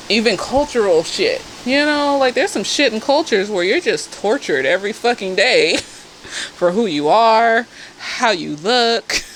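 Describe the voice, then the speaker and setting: A woman therapist reviewing a TV episode in casual chat. She is animated and blunt, swears freely and keeps drifting into asides. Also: medium pitch, a little hiss or hum, low-quality recording. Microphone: self-filmed camera.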